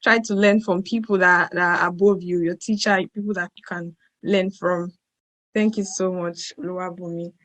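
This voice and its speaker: A woman's voice: lowish voice, fairly even intonation, moderate pace, a bit bright, poor audio. A woman hosting an online event, hesitant and apologetic, often restarting her sentences. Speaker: event host.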